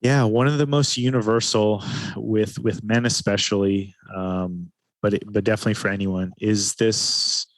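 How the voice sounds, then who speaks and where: A man, a guest in an interview, speaking in a calm, reflective way and often slowing his speech down. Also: on the low side, no room sound. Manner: calm, slows his speech to stress points. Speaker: podcast guest, men's retreat facilitator.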